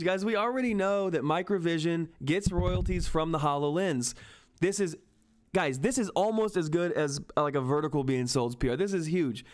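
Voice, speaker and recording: A man hosting a stock trading livestream, giving excited market commentary and constantly addressing viewers as guys. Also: on the high side, normal speed. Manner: excitable, keeps addressing viewers as guys and asking "all right?".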